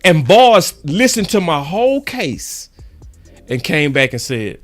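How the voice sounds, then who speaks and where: Backed by soft music, a man with a fairly high, sing-song voice speaks slowly on his own sports channel. His fan monologue is fired up, slangy and preachy, and keeps repeating points for emphasis.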